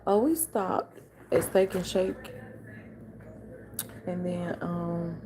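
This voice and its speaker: A woman's voice: lowish voice, drawn-out words, noisy background. An older woman hosting a late-night livestream from home, chatting in a sassy, casual way with her viewers while sleepy and yawning. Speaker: livestream host.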